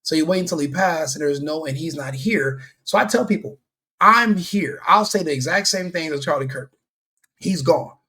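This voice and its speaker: A man delivers a heated opinion rant as a commentary host. He talks in a fairly high register and repeats himself for emphasis, with a scornful edge throughout. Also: normal speed, sharp tone.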